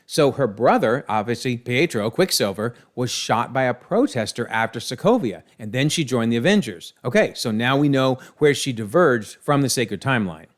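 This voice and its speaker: A man's voice: medium pitch, moderate pace, few pauses. Chatty man recapping comics. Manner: chatty and animated, recapping with asides. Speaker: comics commentator. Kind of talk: casual video commentary.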